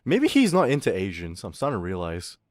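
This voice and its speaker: Male streamer, animated pitch, dry close-mic sound, rowdy chat reading. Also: a little fast, no room sound. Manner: loud, swearing, swings from yelling to low mutters. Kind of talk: casual livestream chat with viewers.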